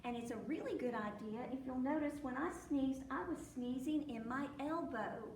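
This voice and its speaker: Animated woman reading a children's story. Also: sits high, normal speed. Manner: animated, with acted sneezes and animal sounds. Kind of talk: children's storytime read-aloud. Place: library room. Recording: echoey room, mic at a distance, faint noise.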